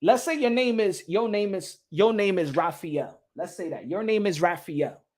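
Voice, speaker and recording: High-voiced man ranting heatedly. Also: expressive, normal speed, darkish tone. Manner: heated, profane, repeats himself. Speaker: boxing channel host. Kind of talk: casual opinion rant to camera.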